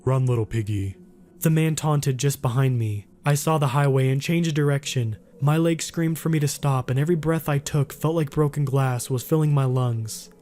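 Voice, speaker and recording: Male narrator for scripted horror reads: mellow, measured, unhurried, pausing for effect. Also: a little high, fairly even intonation.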